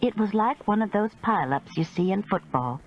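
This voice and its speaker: A woman reading a cozy mystery audiobook in expressive first-person narration. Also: mid-range voice, moderate pace, creaky, highs cut off. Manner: expressive storytelling.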